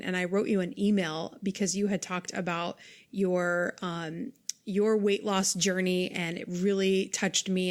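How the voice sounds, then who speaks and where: Earnest woman host chatting. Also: medium pitch. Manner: earnest and heartfelt, with frequent restarts. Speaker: podcast host. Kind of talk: casual interview chat.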